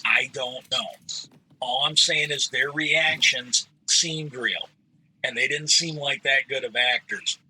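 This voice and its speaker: A man's voice: medium pitch, slow, bright, forceful tone, slightly rough, low-quality recording. A man streaming a game and telling a rambling, profane story with a lot of hedging. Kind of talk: casual storytelling while gaming.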